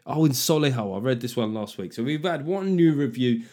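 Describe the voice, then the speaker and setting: A male podcast host with a voice at a middling pitch. He chats in a loose, jokey way and swears freely. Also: lively intonation, fairly quick, warm tone. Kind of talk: casual chat.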